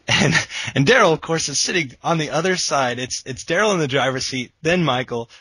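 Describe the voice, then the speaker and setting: A man's voice: mid-range voice, fairly quick, pushed and bright, slightly rough, no echo, poor audio. A young man co-hosting a podcast, telling stories in a rambling way with lots of fillers and restarts. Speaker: podcast co-host. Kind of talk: casual podcast chat.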